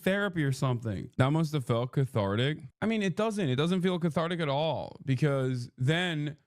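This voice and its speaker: A man pours out a heated livestream rant, cursing and mocking his critics in sarcastic put-on voices. His voice sits a little high for a man. The sound is dry and close. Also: animated, moderate pace, no room sound. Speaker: political livestreamer. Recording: played clip inside a reaction stream.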